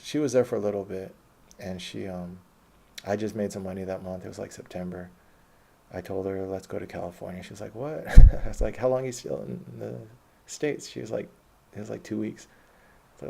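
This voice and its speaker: Male storyteller, low and dark-toned, casual and profane, meanders and corrects himself mid-sentence. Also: creaky, slight background noise. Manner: rambling, profane, self-correcting.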